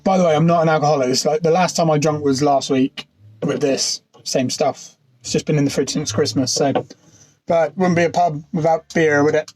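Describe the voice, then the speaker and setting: A man from the United Kingdom livestreams a casual pub quiz from his van, addressing viewers by name through his phone. He speaks at normal speed in a steady, a little mellow voice on the high side.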